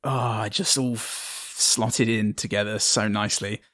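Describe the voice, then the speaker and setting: A man's voice: fairly low pitch, steady tone, measured pace, fairly bright tone, no room sound, studio quality. A man from the United Kingdom, a player on a tabletop game podcast, chatting casually in a rambling way with many restarts and laughs. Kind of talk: casual chat.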